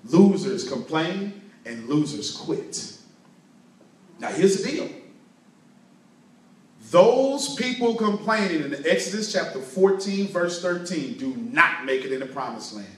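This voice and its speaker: A man's voice: high voice, animated, unhurried. A man giving a motivational sermon, preaching emphatically and telling a story to a responsive crowd. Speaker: motivational speaker. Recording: very echoey room, distant mic.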